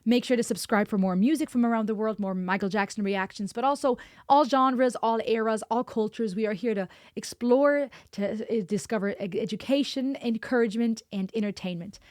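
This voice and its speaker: A woman's voice: on the high side, a little fast, hardly any pauses, darkish tone, no room sound, studio quality. A woman hosting a music reaction video, talking in an earnest, impassioned way and repeating lines for emphasis. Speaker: music reaction channel host.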